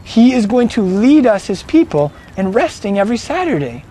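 A man's voice: high-pitched, sing-song, moderate pace, dark tone, breathy edge. A man preaching a sermon, emphatic and fond of rhetorical questions.

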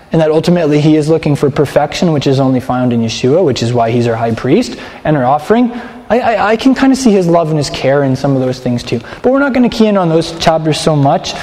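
A man's voice: fairly high pitch, expressive, darkish tone, big-room sound. A man teaching a sermon in a conversational way, often stopping and restarting his phrases. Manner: conversational, halting with repeated restarts.

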